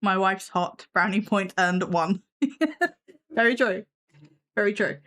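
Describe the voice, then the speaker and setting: A woman's voice: mid-range voice, fairly even intonation, takes it slowly, a bit bright. A woman hosting a casual live stream from her desk at home, chatting with viewers and her cat with a sarcastic, self-mocking humor.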